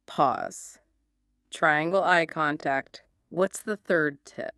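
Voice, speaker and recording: Female co-host, unhurried and smooth, asks questions and sums up points. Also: lowish voice, expressive, no room sound, studio quality. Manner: asks questions, repeats key points back. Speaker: podcast co-host. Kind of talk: scripted teaching dialogue.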